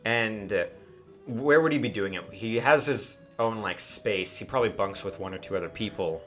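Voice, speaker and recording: A man narrating a tabletop game as game master, easygoing and full of fillers. His voice sits low but has a bright, forward tone. Faint music plays in the background. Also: normal speed. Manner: relaxed, lots of fillers and hedges.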